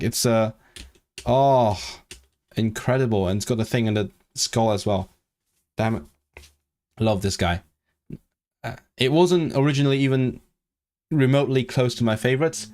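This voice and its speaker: A man's voice: fairly low pitch, a little mellow. A man chatting casually on a live stream, thinking aloud and eagerly sounding out foreign words. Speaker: language-learning streamer.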